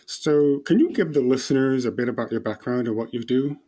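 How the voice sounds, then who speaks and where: Guy hosting a podcast, mellow dark voice, short friendly intros. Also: mid-range voice, brisk. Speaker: podcast host.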